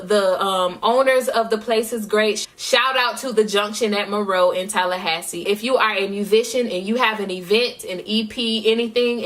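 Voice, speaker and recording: A woman's voice: mid-range voice, distant mic. Chatty woman, a bit off-mic. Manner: chatty, rambling, full of fillers and shout-outs. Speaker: singer recapping her year. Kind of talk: casual storytelling vlog.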